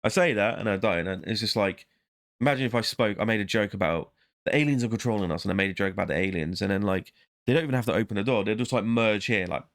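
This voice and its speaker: A man's voice: lowish voice, fast. A man vlogging in a casual, rambling monologue, talking to himself and breaking off mid-thought. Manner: rambling, self-interrupting, muttering to himself.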